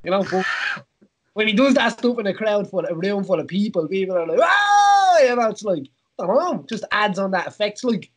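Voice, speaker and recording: A man's voice: high voice, brisk, breathy edge, raised voice. An Irish man hosting a podcast in casual chat, rambling with many fillers and frequent laughs. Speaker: podcast host, former fighter.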